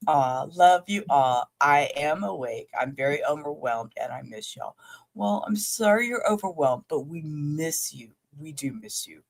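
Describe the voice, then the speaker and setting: Woman host, livestream commentary: low, loose, off-the-cuff, swears in passing. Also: lively intonation, a little slow, vocal fry. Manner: rambling, chatty, talks straight to viewers, casual swearing. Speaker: livestream host reviewing a trial.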